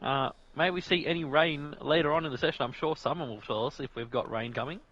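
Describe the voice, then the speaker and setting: A man's voice: fairly high pitch, fast talker, a bit bright, highs cut off. A man with an Australian accent doing casual live commentary on a sim racing league, laughing and bantering as he runs through the grid.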